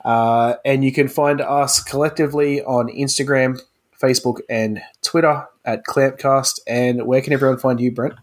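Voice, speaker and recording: A man's voice: mid-range voice, fairly even intonation, normal speed. A man hosting a podcast in loose, joking chat, often stumbling and restarting his sentences. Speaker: podcast host.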